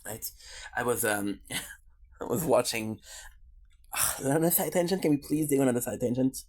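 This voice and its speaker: A man's voice: mid-range voice, lively intonation, moderate pace, darkish tone. A man from Quebec, Canada, in a casual streamer monologue, rambling on goofy side tangents with swearing and jokes.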